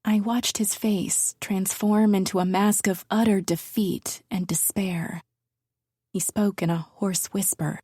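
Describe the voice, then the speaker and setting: Female first-person thriller narrator, measured and intimate, dark soft tone, dry booth sound. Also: mid-range voice, fairly even intonation, slightly rough, dry recording. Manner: measured, intimate, dropping into whispers. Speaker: audiobook narrator.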